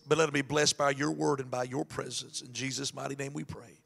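A man preaching a sermon as pastor, animated, acting out the voices of people in the scripture story. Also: medium pitch, fairly quick, gravelly, slightly rough.

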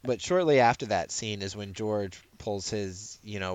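A man co-hosting a podcast in casual chat, animated, laughing and often restarting his sentences. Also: lowish voice, slow, hardly any pauses, smooth. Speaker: podcast co-host.

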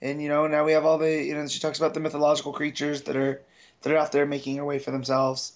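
A man co-hosting a casual comic book review podcast, speaking in a relaxed, halting way with frequent restarts. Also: a little high. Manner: relaxed, hesitant, many restarts and likes. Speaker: podcast co-host. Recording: dull lo-fi mic.

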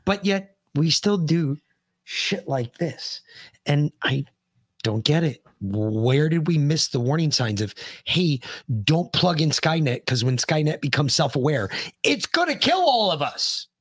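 A man co-hosting a podcast with a husky, grainy voice, close to the mic in a dead, dry room. He talks loosely and profanely and jumps into loud shouts when amused. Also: a little high, unhurried, no room sound. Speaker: podcast co-host. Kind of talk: casual chat.

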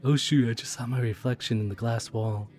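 An actor playing a friendly, chatty train conductor in an audio drama role-play, curious and easily excited. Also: male voice, mid-range voice, fairly quick, lightly acted.

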